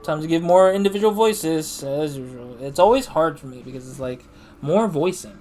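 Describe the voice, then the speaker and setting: A man's voice: a little high, animated, moderate pace, mellow, a little hiss or hum. A man doing let's play commentary, rambling and thinking aloud in a self-deprecating way. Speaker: gamer.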